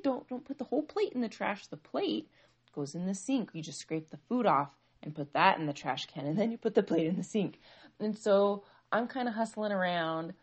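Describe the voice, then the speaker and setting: A woman in her thirties, a mother, telling a personal family story in a conversational, reflective way with frequent fillers. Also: sits low. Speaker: mother of young children.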